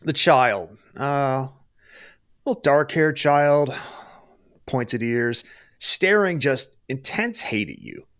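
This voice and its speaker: A man's voice: medium pitch, expressive, slow pace, a bit bright. Playful man running a tabletop game. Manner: playful, dramatic storyteller. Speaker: game master.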